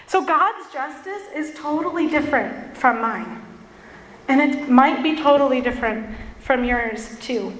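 A woman preaches a sermon in a high, light voice, earnest and self-deprecating, with playful asides. Her voice rings through a roomy church hall, and a long reverb trails each phrase. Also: lively intonation, measured pace, fairly bright tone.

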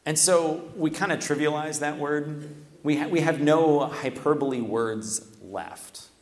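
Speaking in a fairly high voice at a measured pace, a man delivers a sermon into a church microphone he stands at. He keeps it casual and chatty, frequently asking the congregation "right?" Long reverb fills the echoey hall around him.

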